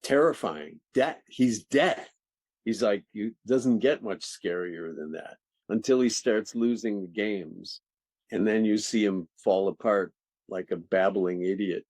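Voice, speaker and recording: Older male actor, low voice, lively raconteur, dry sound. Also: a little slow, dry recording. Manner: animated, laughing, restarts sentences. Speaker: actor guest. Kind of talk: interview storytelling.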